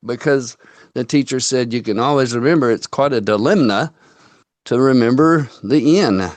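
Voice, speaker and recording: A man's voice: mid-range voice, moderate pace, no room sound. A man co-hosting a casual online talk show, teasing and joking with his guest. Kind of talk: casual chat. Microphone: webcam microphone, off camera.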